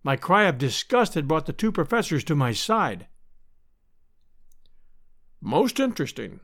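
A man narrating an adventure story as an audiobook, in an expressive storytelling manner. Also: on the high side, moderate pace. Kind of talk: scripted narration.

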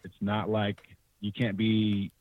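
A young man from California telling hunting stories, acting out other people's lines in a raised voice and laughing often. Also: a little slow. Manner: animated, acts out quotes in a higher voice, laughs often. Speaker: podcast guest, hunter. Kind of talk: casual storytelling. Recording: tinny, dry remote call audio.

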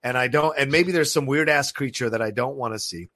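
A man's voice: medium pitch, fairly quick, dry recording, clean studio sound. A young man co-hosting a podcast, telling a scary story in a casual, profane way and acting out the voices. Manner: animated, profane, acts out voices in his story. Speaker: podcast co-host.

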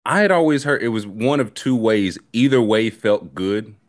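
A man co-hosting a casual watch-party chat, joking and telling stories with animated asides. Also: on the low side, normal speed. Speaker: co-host.

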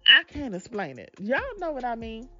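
A woman in her twenties talking candidly to her viewers, blunt and sassy, with emphatic, drawn-out asides and plenty of profanity. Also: a little high, very animated, sharp tone, muffled recording, soft background music. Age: 20s. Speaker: vlogger. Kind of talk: candid casual chat to viewers.

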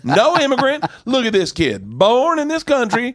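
Brief: man doing shrill, scandalized viewers, loud and high. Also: wildly swooping pitch, normal speed, no echo, studio quality, heavily acted. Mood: outraged. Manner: shrill, squealing outrage. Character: loud, indignant adult American TV viewers.

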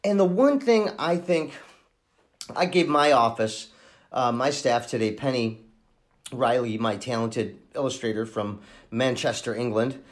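A man hosting a true-crime podcast, thinking aloud in a halting way with many restarts as he talks through a case. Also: mid-range voice, lively intonation. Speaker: podcast host and case investigator.

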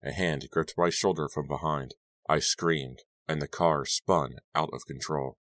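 A man with an extremely deep, low voice narrates a teen thriller audiobook in a steady, dramatic way. The recording is dry and close, with no room sound. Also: unhurried, no room sound. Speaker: audiobook reader. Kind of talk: first-person audiobook narration.

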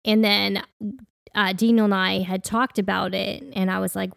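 A woman speaks in a level, flat-toned voice with a lot of vocal fry. She tells personal stories earnestly, like a co-host in casual conversation. The sound is dry and close to the mic. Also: medium pitch, normal speed, no echo.

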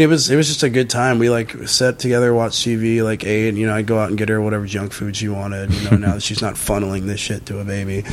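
A man, a musician guest on a podcast, telling a story in casual chat, swearing freely and using lots of fillers. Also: slight background noise. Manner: animated, swears often, many fillers; acts out quoted voices in a higher pitch.

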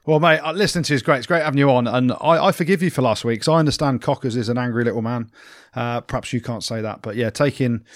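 Fast-talking, teasing male podcast host. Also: medium pitch, no room sound, clean studio sound. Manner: teasing, mock-indignant banter. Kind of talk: casual chat.

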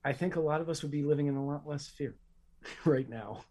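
Podcast co-host, warm mellow voice, earnest and emphatic. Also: male voice, on the high side, a little fast. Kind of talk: casual chat.

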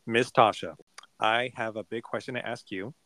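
A man's voice: lowish voice, fairly even intonation, normal speed, no room sound. Enthusiastic man podcast co-host. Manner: enthusiastic, warm reactions, lots of affirming murmurs. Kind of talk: casual chat.

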